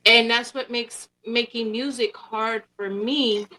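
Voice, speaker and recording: A woman's voice: a little high, fairly even intonation, slow pace, sharp tone. A woman with an Oakland Bay Area accent, earnestly explaining herself in a casual podcast discussion, often restarting her sentences.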